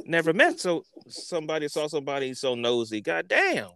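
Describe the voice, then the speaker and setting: Profane animated storytelling man. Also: on the high side, brisk, creaky, slight background noise. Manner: animated, profane, repeats words and acts out quotes. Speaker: podcast host. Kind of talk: casual storytelling.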